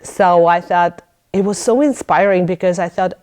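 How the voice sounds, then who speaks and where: A woman's voice: on the low side, normal speed. A woman hosting a podcast in casual interview talk, telling stories with lots of animation and frequent laughs. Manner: animated storytelling, laughing often; acts out her own thoughts in a raised voice. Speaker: podcast host.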